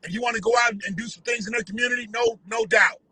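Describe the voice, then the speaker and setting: Bright, heated ranting man. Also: very high voice, quick pace, gravelly, dry recording, rough recording. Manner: heated, profane, conversational. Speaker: commentator. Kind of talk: ranting commentary.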